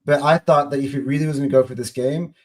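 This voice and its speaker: A man's voice: medium pitch, steady tone, fast talker, crowd noise. A man on a football podcast panel, earnest and conceding points. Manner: earnest, conceding, lists players. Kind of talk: casual football debate.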